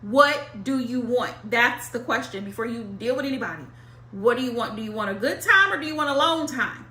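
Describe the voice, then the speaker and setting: A woman's voice: fairly high pitch, lively intonation, a little fast, sharp tone, roomy sound. A woman giving a casual tarot talk to viewers, blunt and emphatic, repeating her points with slang and swearing. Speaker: tarot reader.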